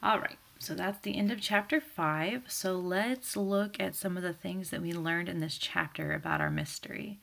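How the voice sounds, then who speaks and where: A woman reading a novel aloud and then explaining it in a relaxed, teacherly way, with fillers. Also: lowish voice, normal speed, gravelly, few pauses. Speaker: reader and teacher.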